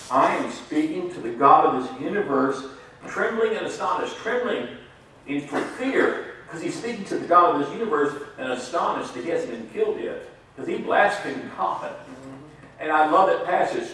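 A man's voice: on the high side, a bit bright, slight background noise. A man preaching a sermon in a folksy storytelling way, laughing at his own jokes. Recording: echoey hall, mic far off.

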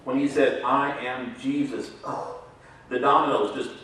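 A man's voice: medium pitch, fairly even intonation, a little slow, fairly bright tone, slight background noise. A man preaching a sermon in a folksy storytelling way, laughing at his own jokes. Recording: echoey hall, mic far off.

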